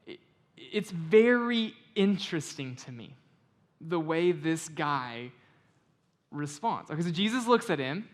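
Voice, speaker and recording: A man preaching a sermon as pastor, moving from slow, quiet scripture reading to conversational explanation and loud, emphatic stretches. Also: on the high side, big pitch swings. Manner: reads scripture slowly and quietly.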